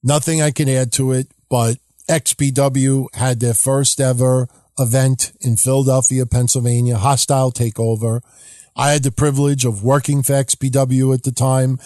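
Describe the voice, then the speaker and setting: A man's voice: medium pitch, little pitch movement, moderate pace, dark tone, dry recording, studio quality. A man hosting a podcast, telling stories in a casual, conversational way. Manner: conversational, reminiscing. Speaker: podcast host. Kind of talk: casual storytelling.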